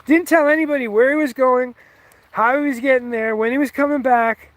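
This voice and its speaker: High-voiced man telling a profane story. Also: brisk, fairly bright tone, no echo. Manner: profane, heated, rambling. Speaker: vlogger. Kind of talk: casual storytelling.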